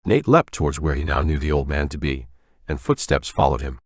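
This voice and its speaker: Guy narrating an audiobook, measured and even, super deep voice, dry close mic. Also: dry recording. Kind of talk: scripted narration.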